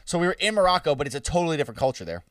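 A man's voice: on the high side, racing, clean tone, dry recording, clean studio sound, far from the mic. A man in his twenties telling a story in casual chat, swearing and laughing as he goes. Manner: animated, swearing, laughing, acts out screams.

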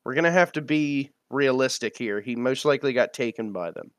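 A man's voice: mid-range voice, expressive, fairly quick, dry recording. Blunt man playing a tabletop game. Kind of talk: casual game-table chat.

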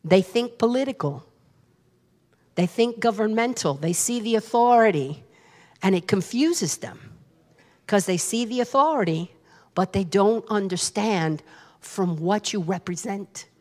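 A woman pastor tells a story in a sermon, animated and dramatic, and talks straight to the congregation. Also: medium pitch, unhurried. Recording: long reverb of a large hall.

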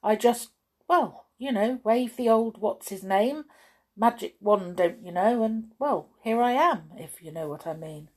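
A woman voicing a rambling, wordy old male wizard in a storybook reading, with a breathy voice. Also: mid-range voice, unhurried, voice pushed up, close to an everyday voice. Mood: dithering. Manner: dithering, roundabout, fussy phrasing.

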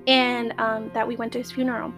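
Woman, slightly high voice, casual spooky storytelling, slangy, music in the background. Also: brisk. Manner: excitable, slangy, swears, spills into Spanish. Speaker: guest storyteller.

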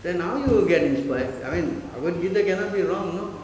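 A man's voice: high voice, lively intonation, fast talker, darkish tone, a little hiss or hum. A man giving a devotional class, emphatic and full of rhetorical questions, checking often that listeners understand. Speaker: spiritual teacher. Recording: echoey hall.

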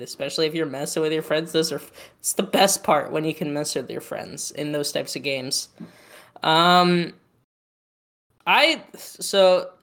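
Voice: medium pitch, fairly bright tone. A podcast co-host chatting casually, rambling with constant "like" fillers and restarts. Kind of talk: casual chat.

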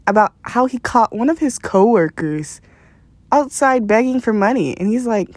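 A woman's voice: on the high side, animated, moderate pace, darkish tone, no room sound. Chatty, profane young woman podcaster. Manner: profane, chatty, laughing often. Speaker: podcast host. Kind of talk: casual rambling storytelling.

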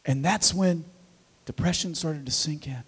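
A high-pitched man in his thirties preaches to his church with lively, conversational energy. He stumbles and repeats himself as he gets going. His voice rings with the long reverb of a large hall. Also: unhurried, breathy edge. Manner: energetic, conversational, repeats words when excited. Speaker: pastor. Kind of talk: sermon.

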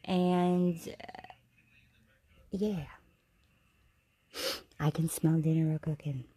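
A tipsy woman hosting a comedic tarot reading stream, rambling and swearing in a jokey deadpan way. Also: deep voice, drawn-out words, breathy edge, dry recording. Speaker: host.

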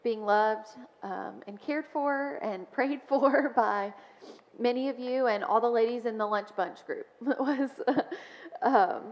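Woman sharing a testimony in a church hall. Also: on the high side. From Mobile, Alabama. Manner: warm storytelling with frequent ums and soft laughs. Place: church sanctuary. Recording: dull sound with long church reverb.

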